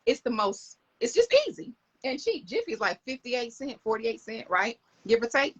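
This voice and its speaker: A woman's voice: on the high side, sing-song, normal speed, slightly rough, lo-fi sound. A middle-aged woman, chatting enthusiastically to viewers in a casual live stream, recorded on a phone camera.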